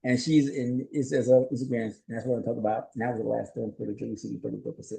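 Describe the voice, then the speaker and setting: A man's voice: mid-range voice, flat delivery, rapid-fire, gravelly, mellow, rough recording. A male host and journalist giving a solo commentary recap. He speaks conversationally and rhetorically, keeps asking "right?", and chuckles often.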